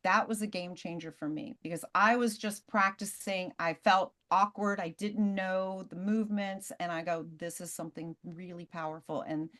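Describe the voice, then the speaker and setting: A woman presenter on a video call, telling casual, lively stories in quick bursts. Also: medium pitch. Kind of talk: animated storytelling on a video call.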